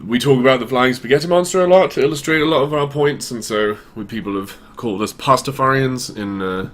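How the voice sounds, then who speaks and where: Middle-aged man, show host, bright forceful tone, relaxed unhurried explaining. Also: medium pitch. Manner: relaxed, explains patiently with fillers. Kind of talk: casual call-in chat.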